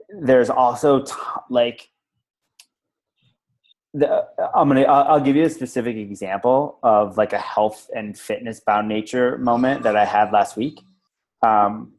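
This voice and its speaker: A man's voice: lowish voice, darkish tone, low-quality recording. A man on a group call telling a personal story casually, rambling with lots of fillers and the odd swear word. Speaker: call participant.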